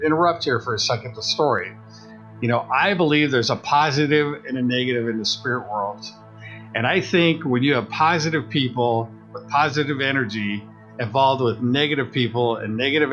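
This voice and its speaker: A man's voice: mid-range voice, dull audio. A man co-hosting a podcast, casually telling a story and acting out the voices of the people in it. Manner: animated retelling, acts out quoted voices. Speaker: podcast co-host.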